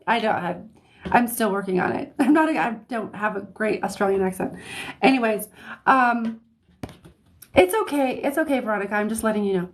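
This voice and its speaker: A woman giving a live-streamed tarot reading, talking in a chatty, easygoing way, often checking in with "okay?" and laughing softly between phrases. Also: fairly high pitch, expressive, moderate pace. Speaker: psychic reader. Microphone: phone or desk mic on livestream.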